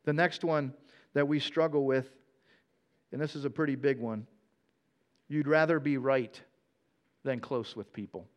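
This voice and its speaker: A man preaching a conversational sermon, earnest and animated in his storytelling. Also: mid-range voice, measured pace, pauses often.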